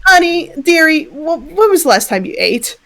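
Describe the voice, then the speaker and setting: A motherly lady chatters away and fusses over a stranger, calling her love and dearie, as a woman puts her on. The voice sits high and lively. She sounds nosy but gentle. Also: normal speed, creaky, exaggerated voice. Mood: kindly chatter. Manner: fussing, calls people love and dearie. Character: chatty kind older Scottish woman, motherly, warm.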